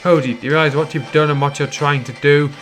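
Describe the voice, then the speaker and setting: A man reading a fan story aloud and voicing a stern, angry teenage boy hero with a loud scolding delivery. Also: a little high, fairly even intonation, fast talker, faint music behind, natural voice.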